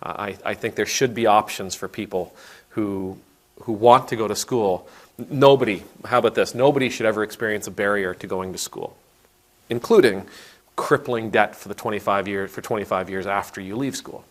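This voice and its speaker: A man with a voice on the low side, speaking at normal speed, gives a conversational video sermon. He's an Anglican priest retelling a parable casually with character voices, often starting his sentences over.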